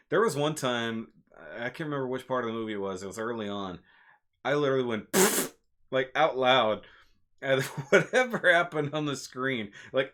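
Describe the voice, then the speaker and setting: Chatty man with a low voice. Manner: animated, rambling, laughs at himself. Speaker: movie reviewer, channel host. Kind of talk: casual live-stream chat. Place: home live stream.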